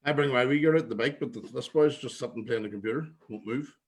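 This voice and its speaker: A man's voice: mid-range voice, quick pace. A man, hosting a casual podcast with blunt, sweary banter. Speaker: podcast host. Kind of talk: casual chat.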